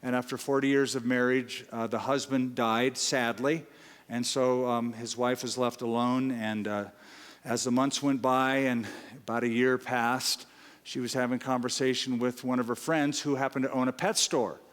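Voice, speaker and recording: A man preaching in a large church auditorium, his voice carrying a long reverb tail. He tells a story with lively timing, slipping into the voices of the people in it, with a middling pitch. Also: normal speed. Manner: storytelling, voices the characters in a joke. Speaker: pastor. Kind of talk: sermon with a humorous story.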